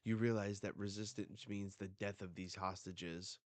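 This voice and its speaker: A man's voice: low voice, steady tone, normal speed, dry recording, natural voice. A man reading a manga aloud and voicing an enemy commander who threatens to kill the hostages. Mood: threatening.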